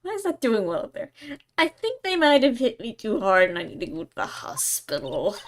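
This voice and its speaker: Sarcastic woman streamer, lively pitch. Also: brisk, slight background noise. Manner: sarcastic, laughing asides. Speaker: game streamer. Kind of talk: playthrough commentary with voiced dialogue.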